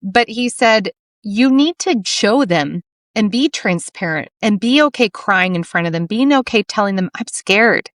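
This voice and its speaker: Middle-aged female podcast host, earnest storyteller, even mid-range voice, dry studio sound. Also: medium pitch, normal speed, no echo. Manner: earnest, tells stories with quoted dialogue. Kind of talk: casual interview chat.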